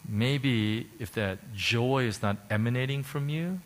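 A male pastor preaching passionately, swinging from loud to hushed as he leads an altar call. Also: mid-range voice, measured pace, slight background noise. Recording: music playing under the preaching. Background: worship music.

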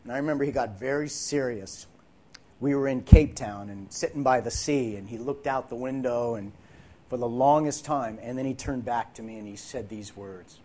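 A man, an actor, telling a dramatic faith testimony about a film role, often dropping into hushed whispers. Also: mid-range voice, normal speed. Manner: intense, drops to hushed whispers at moments. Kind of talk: dramatic personal storytelling.

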